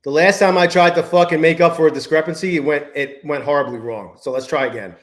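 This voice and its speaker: Talking fast in an echoey room, a man with a slightly high voice and fairly even intonation narrates his trades on a live stream. He curses frequently, mutters in frustration, and calls out chat members by name.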